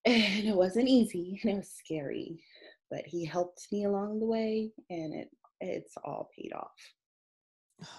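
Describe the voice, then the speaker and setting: A woman's voice: mid-range voice, takes it slowly, darkish tone, husky. A woman guest telling her personal story in an earnest, heartfelt way. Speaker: guest author. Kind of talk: candid personal interview.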